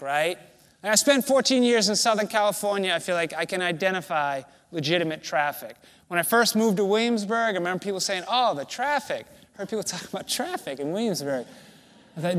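A man preaching as a pastor, his voice sitting a little higher than most men's. He tells a personal story in a relaxed, conversational and self-deprecating way. His words ring out with a long reverb, as if in a large hall. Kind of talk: sermon.

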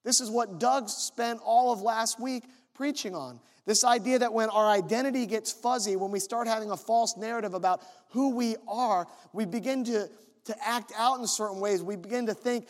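A man preaching a sermon, teaching in a measured way, reading scripture slowly and stressing key words. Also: sits high.

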